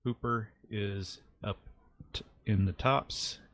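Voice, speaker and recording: Gravelly-voiced man running a tabletop game. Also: on the low side, fairly even intonation, fairly bright tone, dry recording. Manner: explanatory, halting with frequent fillers. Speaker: game master. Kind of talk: narrating a tabletop game over voice chat.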